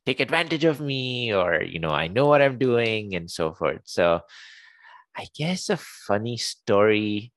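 A man's voice: fairly low pitch, very animated, measured pace, dry recording. A man in his forties from Saudi Arabia, a company head, telling personal stories in an interview with lots of laughs and small hesitations. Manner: chatty, laughs often, hesitant fillers. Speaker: guest, company CEO. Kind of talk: casual interview storytelling.

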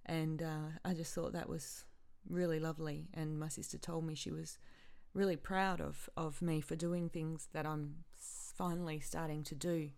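A woman hosting her own podcast, speaking haltingly and with feeling as she grieves, often stopping and repeating herself. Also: sits low, little pitch movement, gravelly, darkish tone. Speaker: podcast host. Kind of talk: personal podcast monologue.

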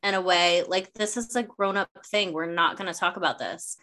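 A middle-aged woman co-hosting a casual podcast chat, an animated storyteller who swears freely and acts out quotes. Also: fairly low pitch, normal speed. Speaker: podcast co-host.

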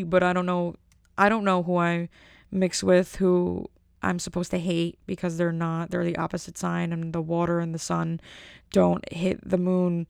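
A woman's voice: on the low side, creaky, a little mellow, clean tone, dry recording, studio quality. A young woman delivering a rambling, jokey comedic monologue and often interrupting herself.

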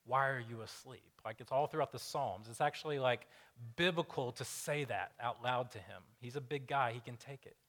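A man preaching a conversational sermon, casual and animated, asking the congregation questions and acting out the voices he quotes. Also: medium pitch, normal speed. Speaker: pastor.

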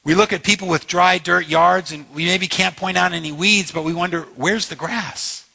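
A man's voice: sits high, fairly even intonation, a little fast, gravelly, pushed and bright. A man preaching a sermon as pastor, impassioned and emphatic, repeating phrases for weight.

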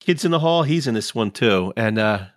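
A man's voice: mid-range voice, lively intonation, normal speed, dry recording, studio quality. A man co-hosting a gaming podcast in casual, joking chat, rambling with many restarts. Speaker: podcast co-host.

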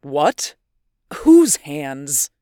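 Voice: mid-range voice, slow, darkish tone, smooth, dry recording, natural voice. Reader doing a nervous young man, hesitant delivery, dry recording. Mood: uneasy. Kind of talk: audiobook character voice.

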